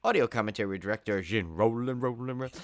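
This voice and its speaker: A man's voice: medium pitch, fast, no echo, studio quality. A tired man co-hosting a podcast in casual chat, rambling and joking as he drifts off on tangents. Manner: rambling, jokey, wanders off on tangents. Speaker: podcast co-host.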